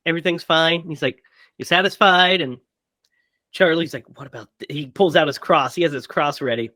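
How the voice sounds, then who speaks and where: A man co-hosting a casual movie podcast, retelling scenes with quick quoted character lines. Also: a little high, sharp tone, dry recording, studio quality. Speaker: podcast co-host.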